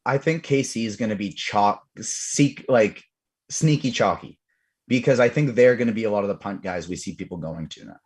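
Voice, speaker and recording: A man's voice: fairly low pitch, normal speed, husky. A man from Canada giving short fantasy sports answers with a slight mumble. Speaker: fantasy sports guest analyst. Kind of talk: casual podcast chat.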